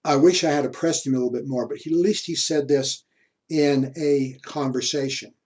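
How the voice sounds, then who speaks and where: A man's voice: fairly high pitch, fairly even intonation, moderate pace, darkish tone. Chatty man lecturing. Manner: chatty storytelling, chuckles often. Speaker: university history lecturer. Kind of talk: classroom lecture with anecdotes.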